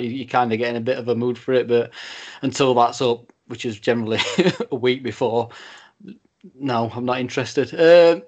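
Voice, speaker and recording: A laid-back young man with an ordinary mid-range voice. He chats easily on a podcast, clipping small words and drifting into asides. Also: medium pitch. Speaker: podcast co-host. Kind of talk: casual chat.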